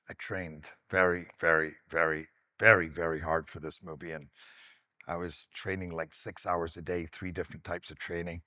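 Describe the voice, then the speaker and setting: A man with a deep, low voice talks casually about the films he has made, skipping from one story to the next with lively enthusiasm. The sound is dry and close, with no room around it. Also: no room sound. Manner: animated, digressive storytelling. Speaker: actor. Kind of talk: casual reminiscing monologue.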